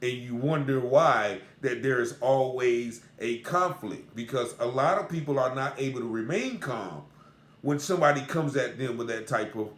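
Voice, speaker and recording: A man's voice: mid-range voice, moderate pace, a bit bright. A man earnestly recounting a personal encounter in a casual, repetitive, conversational way. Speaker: storyteller. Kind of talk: casual spoken account. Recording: roomy echo.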